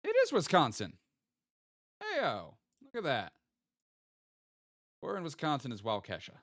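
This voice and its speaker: A man's voice: mid-range voice, wildly swooping pitch, measured pace, a bit bright, no echo, studio quality. A man streaming a geography guessing game, thinking aloud and playfully teasing his chat as he goes. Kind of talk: casual live-stream game commentary.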